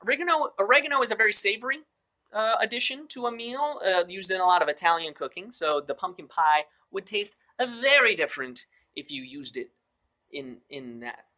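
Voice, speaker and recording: A man's voice: high-pitched, animated, a little fast, sharp tone. A man hosting a live mobile trivia game show, upbeat and joking with playful asides.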